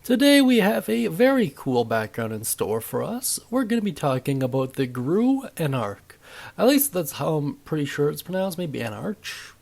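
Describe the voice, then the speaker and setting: A man's voice: fairly high pitch, normal speed, gravelly, hardly any pauses. A young man hosting a tabletop game video, explaining options in an upbeat, chatty way. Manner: upbeat, chatty, lively intonation. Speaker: D&D video host.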